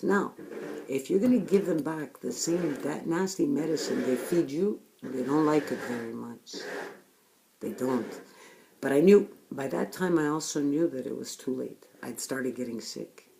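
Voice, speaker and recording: A woman's voice: low voice, a little slow, creaky, noisy background. A woman speaking frankly and bluntly about her own experience, with rhetorical asides to the listener. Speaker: speaker sharing personal experience. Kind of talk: candid personal talk.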